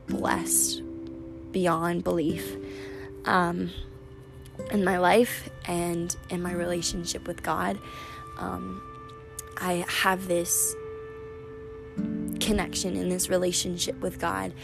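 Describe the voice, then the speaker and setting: Young woman podcaster with a gravelly voice, music behind. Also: lowish voice. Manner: chatty and rambling, full of "like" and "um". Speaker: podcast host. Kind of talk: casual faith-based podcast monologue.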